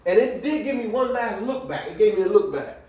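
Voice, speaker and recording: A middle-aged man telling a personal story to viewers, lively and full of slang, swinging between loud exclamations and quiet asides and laughing often. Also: high voice, fairly quick. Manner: casual American slang, addresses viewers as y'all. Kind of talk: animated storytelling monologue. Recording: roomy, a little distant from the mic.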